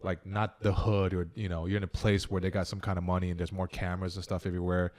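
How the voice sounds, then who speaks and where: Guy comedian on a podcast, talks fast, throws in jokes. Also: sits low, level tone, darkish tone. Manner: quick, joking reactions. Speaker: comedian and video editor. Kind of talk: casual podcast chat.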